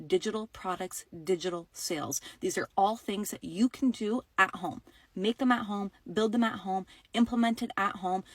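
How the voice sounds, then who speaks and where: A woman gives an emphatic motivational pitch in a mid-range voice. She speaks in an urgent, preachy way, recorded close and dry with no room sound. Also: fairly bright tone, no room sound. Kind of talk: motivational talk to camera.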